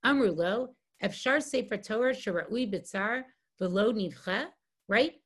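As a guest teacher giving a Talmud lecture, a woman reads Aramaic and Hebrew lines with Ashkenazi pronunciation and then translates them, tagging many sentences with "right?". Her mid-range voice has a breathy edge, and she takes it slowly.

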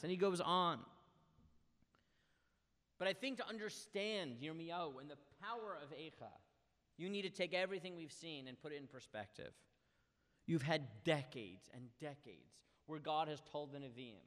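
A man with a high voice teaches a Bible class, reading Hebrew verses and translating each one. His delivery is impassioned and moves between hushed passages and loud ones. A long reverb trails behind his voice. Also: animated, normal speed. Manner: reads Hebrew verses, then translates them. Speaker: Torah teacher.

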